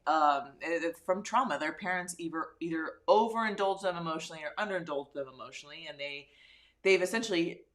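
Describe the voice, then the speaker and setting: A woman's voice: on the low side, a little fast. A woman talking as a podcast guest, rambling with many fillers and easy laughs. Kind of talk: casual chat.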